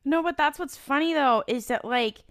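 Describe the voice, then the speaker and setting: Excitable slangy woman for casual chat, higher voice, dry sound. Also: no echo. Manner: excitable, slangy, acts out characters in quick asides.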